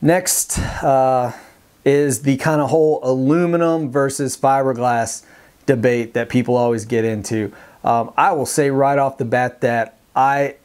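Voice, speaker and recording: A man's voice: mid-range voice, a little mellow. A man with a Texan accent vlogging casually to camera about fishing, plainspoken and rambling with many ums and restarts. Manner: plainspoken, determined. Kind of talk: casual vlog talk to camera.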